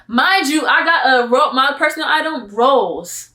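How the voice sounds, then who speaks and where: Bright-voiced young woman telling a story. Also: sits high, unhurried, hardly any pauses. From Miami, Florida. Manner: animated, slangy, quotes herself in asides. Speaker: vlogger. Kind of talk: casual storytelling to camera.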